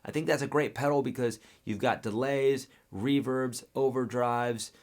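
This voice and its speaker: A man's voice: mid-range voice, fairly even intonation, moderate pace. A man teaching guitar on a live webcast, reading viewer questions and answering in a casual, direct way that keeps checking in with "okay?".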